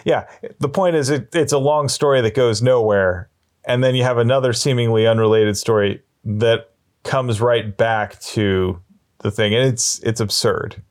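A man telling long shaggy-dog jokes in a deadpan way, slowing down and pausing as he builds them up. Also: mid-range voice. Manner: deadpan, drawn-out storytelling with slow pauses. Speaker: storyteller.

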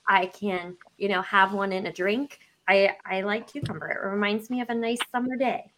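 A woman's voice: mid-range voice, fairly even intonation, moderate pace, a bit bright, a little hiss or hum. A woman co-hosting a podcast in a casual, upbeat chat and steering the conversation. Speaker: podcast co-host.

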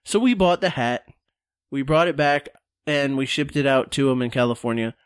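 A man's voice: medium pitch, normal speed, clear, resonant tone, no echo, studio quality. A man co-hosting a podcast, telling a rambling story in casual chat and acting out the quotes. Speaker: podcast co-host.

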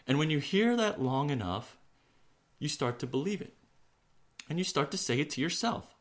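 Male pastor preaching; earnest, measured, hushed on the heavy lines. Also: medium pitch. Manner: earnest, slows for emphasis, drops to a hush on key words. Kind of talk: sermon.

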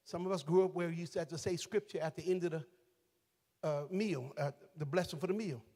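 A man a sermon as pastor, moving from quiet, reflective storytelling to shouted, sing-song calls to his congregation. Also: a little high, brisk. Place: large church sanctuary. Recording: long hall reverb.

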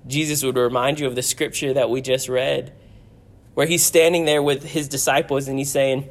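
A man's voice: mid-range voice, little pitch movement, moderate pace. A male pastor delivering a sermon in an earnest, personal way. He stacks repeated phrases for emphasis, and his voice swells and falls back as he drives each point home. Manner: earnest, repetitive preaching with rising and falling emphasis.

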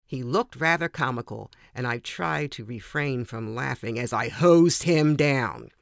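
Older woman, author, reads a personal anecdote in a measured, gentle manner with a dry close mic. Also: a bass voice, vocal fry, no room sound. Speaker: author reading her own story. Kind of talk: personal story reading.

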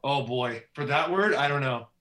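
A man's voice: medium pitch, animated, normal speed, sharp tone. A man from Canada, an author talking as a podcast guest in an easygoing way with light laughs. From Steinbach, Manitoba, Canada. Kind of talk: casual podcast interview. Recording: echoey room.

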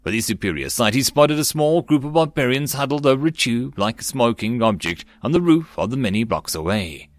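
A man narrating a web-novel audiobook in a steady storytelling manner. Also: mid-range voice, a little fast, hardly any pauses, no echo. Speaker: audiobook reader.

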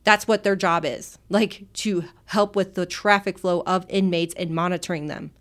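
A woman's voice: fairly low pitch, normal speed. Woman nurse ranting thru a work story on a podcast, swears constantly, lots of laughing. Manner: profane, animated, laughs often. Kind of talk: casual storytelling chat.

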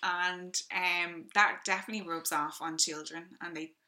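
Guest, woman, drama teacher; very bright, slightly low voice, eager and animated. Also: moderate pace. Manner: animated, enthusiastic, frequent fillers and laughs. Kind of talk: casual interview chat.

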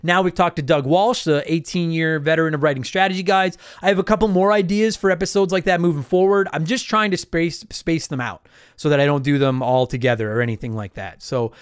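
A man hosting his own podcast in casual solo chat, animated and emphatic, swearing freely as he talks. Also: fairly high pitch, a little fast, smooth, no echo, studio quality. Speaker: podcast host.

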